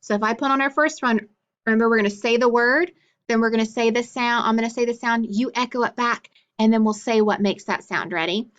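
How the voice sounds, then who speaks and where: A woman's voice: a little high, fairly bright tone. A woman teaching a phonics lesson to young children, drawing out letters and syllables in a patient teacher voice. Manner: slow, drawn-out teacher talk, exaggerated syllables. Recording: dull lo-fi sound.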